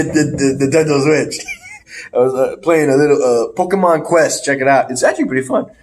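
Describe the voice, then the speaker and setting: A man co-hosting a casual podcast, rambling through a wrestling match recap with animated play-by-play and the odd laugh. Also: fairly high pitch. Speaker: podcast co-host. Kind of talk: casual wrestling review chat.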